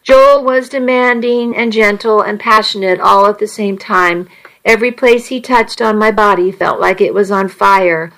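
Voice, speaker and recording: A woman softly narrating a first-person romance story in an intimate reading voice. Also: medium pitch, rough recording.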